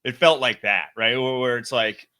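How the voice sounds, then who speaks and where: A man's voice: mid-range voice, fairly even intonation, normal speed, sharp tone, clear, resonant tone. A young man from Wisconsin with a Wisconsin accent, co-hosting and chatting casually about football. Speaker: sports analyst co-host. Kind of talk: casual sports chat over video call.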